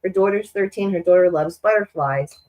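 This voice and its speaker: A woman's voice: lowish voice, fairly quick, a little mellow, low-quality recording. A woman hosting a sewing live stream, chatting in a rambling way with many restarts while she works, stuffy from a lingering cold. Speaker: sewing channel host.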